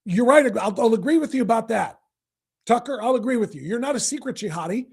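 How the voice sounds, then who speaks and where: A man hosting a political talk show, delivering an emphatic, repetitive monologue that builds to forceful outbursts. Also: extremely high pitch, expressive, fast talker, slightly rough. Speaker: podcast host.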